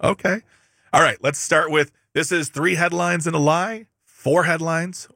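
A man with a fairly high voice reads headlines to his co-host, stopping often for wry asides and tripping over hard names. The sound is dry and close, with little room around it. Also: measured pace, vocal fry, sharp tone, no echo. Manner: joking, reads with asides and stumbles. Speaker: podcast co-host. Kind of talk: casual chat, reading headlines aloud.

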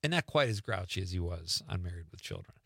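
A man's voice: low voice, vocal fry, breathy edge, no room sound. A middle-aged man hosting a radio talk show in a studio, reading out listener texts in a casual, jokey way. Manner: lively, jokey, quick reactions. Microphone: studio microphone.

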